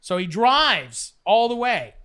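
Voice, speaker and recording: Young woman from canada, bright forceful tone, animated, swears constantly. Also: on the high side, takes it slowly, clean tone. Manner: swears a lot, animated storyteller. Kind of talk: casual storytelling.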